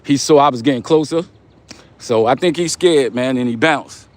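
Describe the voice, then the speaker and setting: A man's voice: medium pitch, normal speed. A young man from Long Island, hosting a casual livestream, giving motivational talk in street slang and repeating his points. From Long Island, New York. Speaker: livestream host.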